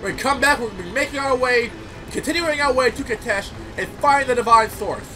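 A man hosting a gameplay commentary video, excitable and swearing, with stammering repeats and shouted outbursts. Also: very high voice, brisk. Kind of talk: let's play commentary. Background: game music and sounds.

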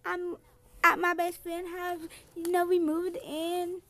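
A woman voicing a cheerful young woman sim in a life-sim game, gushing with excitement on a phone call to her mom. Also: high-pitched, moderate pace.

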